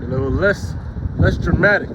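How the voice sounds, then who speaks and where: High-voiced guy rambling with stops and starts, super loud traffic. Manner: rambling, halting. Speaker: street preacher. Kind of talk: casual chat. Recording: outdoor recording with very loud traffic noise.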